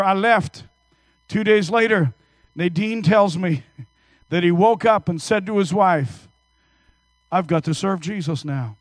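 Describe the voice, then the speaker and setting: A man in his fifties preaching a sermon in church, telling stories energetically and swinging between hushed and loud. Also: high-pitched, unhurried, no echo. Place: church service.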